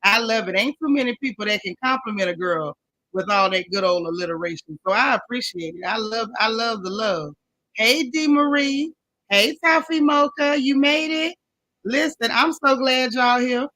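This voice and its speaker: A woman's voice: a little high, normal speed, sharp tone, low-quality recording. A woman hosting a casual live stream, chatting with viewers and greeting each one by name in folksy slang.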